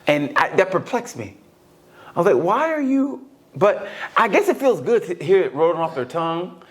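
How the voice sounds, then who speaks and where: A middle-aged man co-hosting a podcast, telling stories in casual conversation and acting out the voices of the people in them. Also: moderate pace. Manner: animated storytelling, swings between high and low, acts out quotes. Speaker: podcast co-host.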